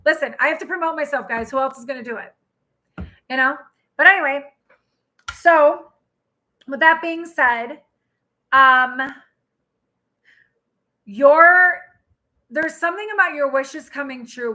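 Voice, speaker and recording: A woman tarot reader hosts a live stream, talking in a lively, chatty way and answering her viewers as she goes. Her voice sits high and sounds bright and forceful. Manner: chatty and animated, reads out and answers viewer comments.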